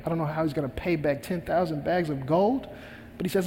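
A man's voice: a little high, brisk, darkish tone, big-room sound, slight background noise. A male pastor preaching a sermon, retelling a parable with earnest, emphatic repetition.

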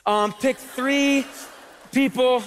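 A man's voice: very high voice, fairly even intonation, very slow, a bit bright, slight background noise. A man doing comedic stage patter as an illusionist in a church, chatty and joking. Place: large church hall on stage. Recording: long reverb of a church hall.

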